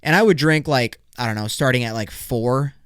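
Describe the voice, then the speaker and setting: A young man in his twenties hosting a solo podcast, rambling, profane and high energy. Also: normal speed, fairly bright tone, smooth, no echo, studio quality. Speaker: podcast host.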